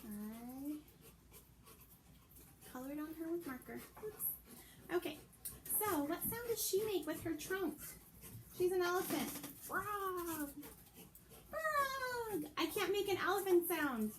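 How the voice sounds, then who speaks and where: A woman teaching young children to sound out letters from her home, talking slowly in a sing-song teacher's voice. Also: very high-pitched, animated, background noise. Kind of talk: remote phonics lesson for young children. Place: her home, with pets around.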